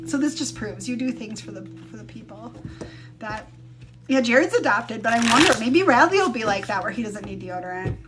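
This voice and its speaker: Woman, thirties, chatty live-stream host, a bit high-pitched, swears casually, acts out quotes. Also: expressive, a little fast. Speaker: livestream host.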